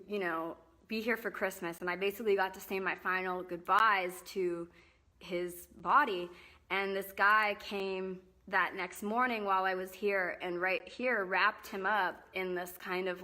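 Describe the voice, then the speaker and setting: A young singer-songwriter live streams from her home, moving indoors and outdoors while holding her phone, chatting casually, rambling, and apologizing with plenty of fillers and restarts. Her medium-pitched voice sounds pushed and bright.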